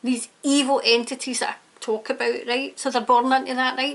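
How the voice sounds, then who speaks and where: High-voiced, indignant woman reading tarot. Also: flat delivery, moderate pace. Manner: emphatic, indignant, prone to ranting. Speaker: tarot reader. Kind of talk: tarot reading monologue to camera.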